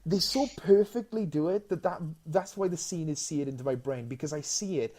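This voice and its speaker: A man co-hosting a casual podcast chat, animated and excitable, stumbling over restarts as he retells movie scenes. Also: a little high, normal speed. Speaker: podcast co-host.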